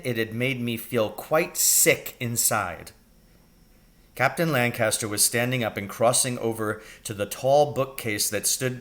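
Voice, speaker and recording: A man, a teacher, reading a storybook aloud in a slow, expressive way. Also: mid-range voice.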